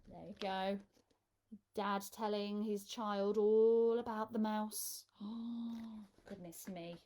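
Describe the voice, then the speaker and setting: A female children's entertainer reads a picture book aloud at a live storytime, expressive and encouraging the kids to join in. She has a mid-range voice and a slow pace.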